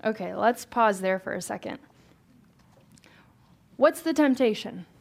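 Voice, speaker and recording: A woman's voice: mid-range voice, animated, a little slow, creaky, a little mellow. A young woman leading a casual Bible study, talking informally, asking the group questions and laughing easily.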